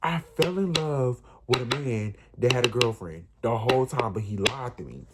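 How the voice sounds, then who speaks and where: A man's voice: medium pitch, expressive, normal speed, heavy background noise. A young man, telling an emotional, rambling storytime straight to his viewers. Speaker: vlogger. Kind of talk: storytime vlog.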